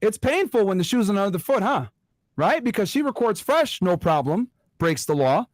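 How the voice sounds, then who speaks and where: A male commentary host with a slightly raised pitch talks emphatically and speaks straight to his viewers. The sound is close and dry. He directs the playing of clips. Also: big pitch swings, normal speed, no echo. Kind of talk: online commentary.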